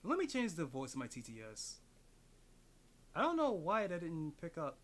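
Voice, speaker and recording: A man's voice: fairly high pitch, wildly swooping pitch, moderate pace, fairly bright tone. A man streaming from his home desk, rambling and swearing as he thinks aloud, with his mic farther away than usual at an odd angle. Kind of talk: casual live-stream chat. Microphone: desk mic set farther away than usual, at an odd angle.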